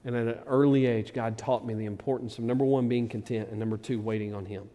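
A man preaching a sermon as pastor, moving from loud emphatic passages to low quiet ones. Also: fairly even intonation, fast, big-room sound. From Arkansas, USA.

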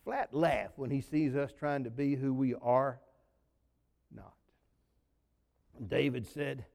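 A male pastor, preaching a sermon as folksy storytelling that swings between loud emphasis and sudden low drops. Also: takes it slowly, creaky, pauses often. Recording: long reverb of a large hall.

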